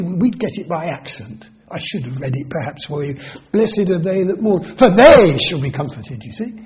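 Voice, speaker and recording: A preacher with a high voice explains scripture in an earnest, measured way. He slows on key words and repeats them for emphasis. The recording sounds dull and lo-fi. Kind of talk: sermon.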